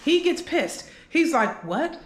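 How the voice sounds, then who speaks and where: A woman's voice: fairly high pitch, moderate pace, a bit bright, a little hiss or hum. A woman vlogger telling a story in a casual, chatty way, often checking in with her listeners. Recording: roomy echo.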